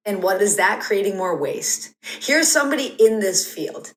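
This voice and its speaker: A woman talking earnestly and a little rambly as a podcast guest, her sentences full of casual fillers. Her voice sits at an ordinary middle pitch and carries a noticeable room echo. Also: lively intonation, moderate pace. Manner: earnest, rambling, many "like" and "you know" fillers. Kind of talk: reflective conversational storytelling.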